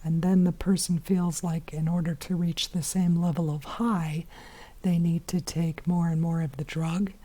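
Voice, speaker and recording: A hoarse woman teaching biology in a chatty recorded lesson, with many fillers and whispery asides. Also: low-pitched, mellow.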